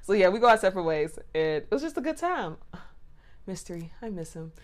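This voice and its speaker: A young woman hosting a podcast, telling a personal story in a candid, playful way with drawn-out cooing sounds. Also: medium pitch, big pitch swings. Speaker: podcast host. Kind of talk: casual storytelling monologue.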